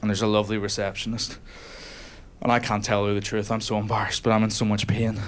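A man's voice: lowish voice, flat delivery, quick pace. A man from Ireland, telling a stand-up story on stage in a conversational way, building to punchlines. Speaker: stand-up comedian. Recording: live venue with crowd. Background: audience laughter.

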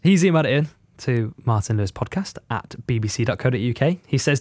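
Man, co-host, reading a listener email, measured, dry close sound. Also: medium pitch, lively intonation, darkish tone, no echo.

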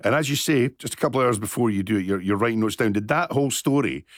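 A man's voice: mid-range voice, quick pace, dry recording, clean studio sound. A man interviewing a comedian in a friendly, chatty way. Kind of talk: casual interview chat.

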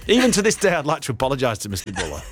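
A man's voice: medium pitch, huge pitch swings, very fast, husky, soft background music. A man from England, hosting a radio show in playful, jokey banter. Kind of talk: casual radio chat.

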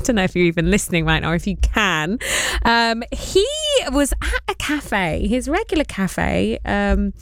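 A woman's voice: mid-range voice, very animated, unhurried, no room sound, clean studio sound. A woman presenting a live radio show, chatting in a bubbly way and laughing often. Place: radio studio.

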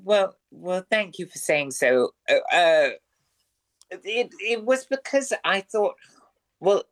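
An expressive man guesting on a radio show, spinning ornate, theatrical sentences. His pitch rises and falls widely as he relishes each fancy word. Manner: florid, theatrical wordplay; lively, expressive delivery. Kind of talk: radio interview.

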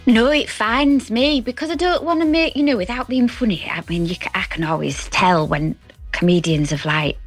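A woman's voice: a little high, normal speed, faint music behind. A woman comedian with a Hull accent, chatting in a rambling, self-deprecating way and laughing often during a radio interview. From Hull, England. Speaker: comedian guest.

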